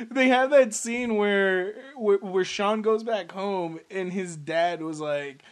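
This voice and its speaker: Casting note: man with a high voice, loose and profane, laughing through a casual film recap. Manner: laughs often, swears freely, quick jokes. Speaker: podcast co-host. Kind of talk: casual movie recap chat.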